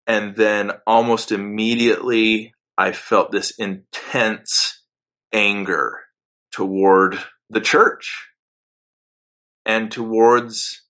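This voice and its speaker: A young man tells his own story of faith in an earnest, halting way, often restarting his sentences. His voice sits a little low and sounds bright and forceful, and he takes his time. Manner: earnest, halting with restarts, rising intensity when angry. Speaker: storyteller sharing a personal religious experience. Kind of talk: personal testimony.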